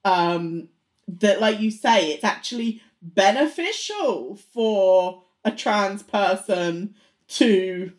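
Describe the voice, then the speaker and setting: A woman co-hosting a casual podcast, giving her views in halting speech while she searches for words. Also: medium pitch, lively intonation. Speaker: podcast co-host. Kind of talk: casual chat.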